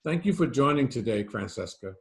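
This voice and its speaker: A man, a medical school dean hosting the show, reading prepared introductions and questions smoothly. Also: mid-range voice, lively intonation, brisk. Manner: reads prepared lines smoothly. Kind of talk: scripted interview questions.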